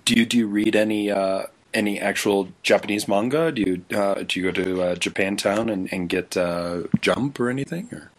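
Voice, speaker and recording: A man interviewing a guest, asking short, relaxed questions in casual conversation. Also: lowish voice, moderate pace, few pauses. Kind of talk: casual chat.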